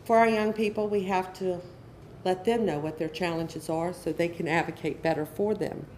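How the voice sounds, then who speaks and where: A woman's voice: on the low side, fairly even intonation, normal speed, a little mellow, a little hiss or hum. A middle-aged woman speaking earnestly at a conference session as an educational counselor, repeating her key points for emphasis. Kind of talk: conference presentation to an audience.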